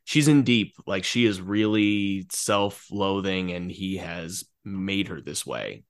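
A man with a fairly low voice co-hosts a casual film podcast. He talks animatedly, laughing often and restarting his sentences as he goes. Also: slow, clear, resonant tone. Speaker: podcast co-host.

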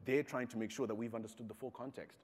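A man's voice: mid-range voice, fairly even intonation, quick pace, a little hiss or hum. Zimbabwean man speaking in a reverberant hall. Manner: storytelling, acts out quoted voices. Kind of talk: talk to an audience.

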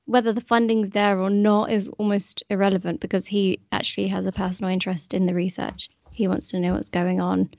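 A woman's voice: medium pitch, level tone, fairly quick, gravelly, hardly any pauses, darkish tone, no room sound. A woman on a casual podcast chat, outspoken and blunt. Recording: slightly dull lo-fi mic.

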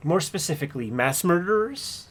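A man acting out a dogged trial attorney cross-examining a witness in a courtroom transcript reading. His voice sits a little higher than most men's. He presses each point in a measured, pointed way. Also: lively intonation, a bit bright. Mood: pressing.

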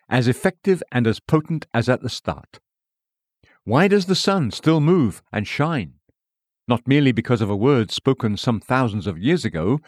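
A man in scripted narration of a devotional book, reading in a measured way and voicing scripture citations aloud. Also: mid-range voice, darkish tone, dry recording, clean studio sound. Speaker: audiobook reader.

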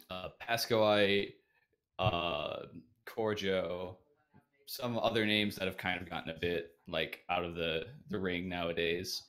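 A man's voice: low-pitched, fairly bright tone. A man being interviewed as a podcast guest, answering casually with many fillers and self-deprecating remarks.

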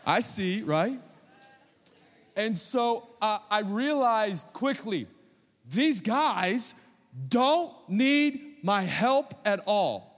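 A man's voice: high-pitched, lively intonation, extremely slow, big-room sound. A man preaching a sermon as pastor, telling a humorous story with conversational asides.

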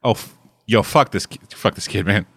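A man's voice: on the low side, moderate pace, a bit bright, breathy edge, no echo. A playful man teasing and laughing as he chats while watching a show. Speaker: co-host of a watch-along.

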